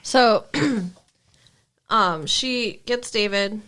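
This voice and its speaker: A woman's voice: medium pitch, extremely slow, pushed and bright, smooth. A woman co-hosting a podcast, recapping a TV episode in chatty, sarcastic casual talk with lots of "like". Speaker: podcast co-host.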